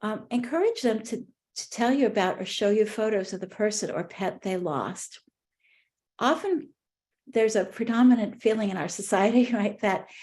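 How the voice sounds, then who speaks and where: Middle-aged woman presenter, gentle and conversational, mid-range voice, speaking to caregivers at a workshop. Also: medium pitch. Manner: gentle, conversational, with fillers and restarts. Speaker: workshop presenter on grief care.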